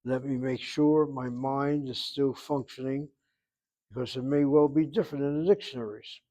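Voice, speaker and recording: A man's voice: medium pitch, steady tone, normal speed, dark tone, rough recording. A man with an American accent giving a Hebrew grammar lesson in a blunt, emphatic classroom lecture style. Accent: American English. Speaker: Hebrew instructor.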